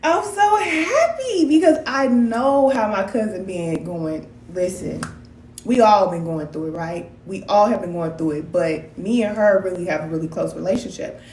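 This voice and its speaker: A woman, a spiritual wellness practitioner hosting a casual live stream, talking in a folksy, animated way and calling her viewers cousins. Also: medium pitch, normal speed, reverberant, slight background noise.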